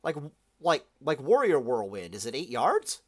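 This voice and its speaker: A man hosting a laid-back gaming podcast, talking at a middle pitch in loose, rambling chat. He swears often and trips over his own sentences. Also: wildly swooping pitch, measured pace, darkish tone. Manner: profane, rambling, lots of restarts. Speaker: podcast host.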